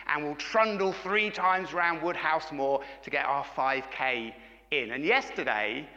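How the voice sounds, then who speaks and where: A man's voice: fairly high pitch, unhurried, bright, forceful tone, in a large hall, dull audio. A middle-aged man preaching a sermon, engaging his congregation with frequent questions. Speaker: pastor.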